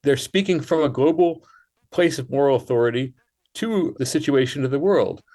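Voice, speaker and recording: A male guest on a radio program, talking in long, considered sentences. His tone stays measured and explanatory as he lays out his case, with an even pitch typical of a man his age. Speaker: guest writer. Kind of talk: radio interview.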